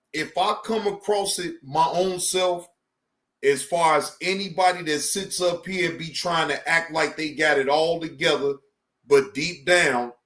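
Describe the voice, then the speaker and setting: Slow, bright-voiced man streaming casually. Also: fairly high pitch, echoey room. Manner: profane, laughing, shouts out viewers. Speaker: streamer reacting to videos. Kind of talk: casual live-stream chat.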